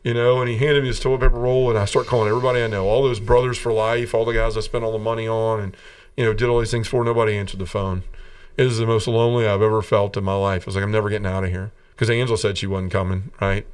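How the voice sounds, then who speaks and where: A man's voice: lowish voice, level tone, fast, clear, resonant tone. Earnest man telling his story, slightly distant. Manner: earnest storytelling, restarts, quiet when quoting others. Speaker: podcast guest. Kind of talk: personal testimony in conversation.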